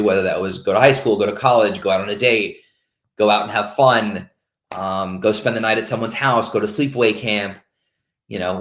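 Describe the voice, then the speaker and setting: Candid man with a low, roomy voice. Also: a bit bright. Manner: open, searching, stops and restarts often. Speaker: host of a peer support call. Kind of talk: candid casual talk. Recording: roomy echo.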